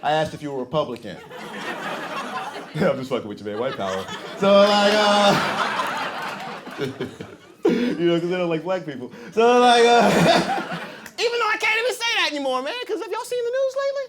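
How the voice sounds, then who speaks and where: A man's voice: high-pitched, very animated, normal speed. A man doing a loose, profane stand-up set on a comedy club stage. He laughs at his own jokes and riffs with the crowd between bits. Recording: live club taping with crowd laughter and room noise.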